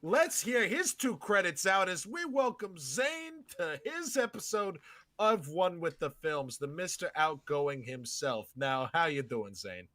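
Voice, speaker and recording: A man co-hosts a live film podcast, riffing through playful showman introductions. His voice sits fairly high and swings widely in pitch. The sound is close and dry, with no room around it. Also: big pitch swings, unhurried, bright, forceful tone, no room sound. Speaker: podcast co-host.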